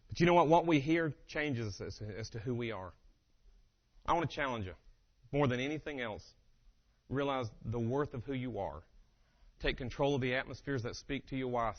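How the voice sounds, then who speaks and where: A man giving a humorous motivational keynote, telling family stories in an animated way and acting out the dialogue. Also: medium pitch. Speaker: keynote speaker. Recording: dull lo-fi live recording.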